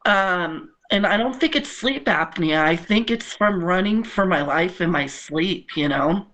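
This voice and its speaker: A woman speaks openly as a podcast guest, her words earnest and halting. She often circles back and restarts her sentences, talking from her own apartment. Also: fairly low pitch, fairly bright tone, low-quality recording. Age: adult with children. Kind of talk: candid personal conversation. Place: home apartment.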